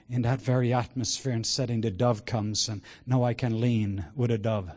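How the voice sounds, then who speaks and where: A man preaching a sermon with passion, moving between hushed words and loud exclamations. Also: mid-range voice, steady tone, normal speed, hardly any pauses. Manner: sprinkles in laughter and cries of "whoa".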